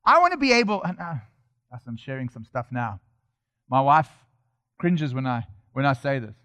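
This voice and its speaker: A man's voice: medium pitch, big pitch swings, normal speed, bright, forceful tone. A man preaching a sermon in a church, emphatic and repetitive, building his points line by line.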